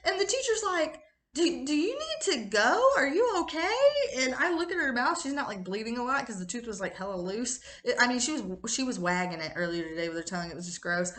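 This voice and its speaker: A woman in her thirties telling a casual late-night story, animated, laughing often and swearing freely. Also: on the high side, fast, few pauses, echoey room. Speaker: tarot reader and channel host.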